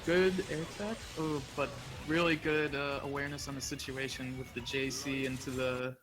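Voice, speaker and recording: A man commentating a fighting-game tournament live, relaxed play-by-play with short excited calls. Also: medium pitch, moderate pace, low-quality recording. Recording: commentary over game music.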